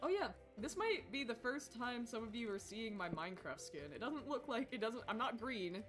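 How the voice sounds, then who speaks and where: A woman streaming a game and chatting with her viewers, excitable and squealing over cute animals, swearing casually, with faint game music behind her. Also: on the high side, normal speed. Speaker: Twitch streamer. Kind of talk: casual gaming livestream chat.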